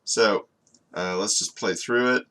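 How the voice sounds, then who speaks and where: A man teaching storyboarding in a casual screen-recorded tutorial, talking in a relaxed, conversational way and often checking in with "okay?". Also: fairly low pitch, measured pace, a little hiss or hum. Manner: relaxed and conversational, with frequent fillers. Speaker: animation storyboard instructor.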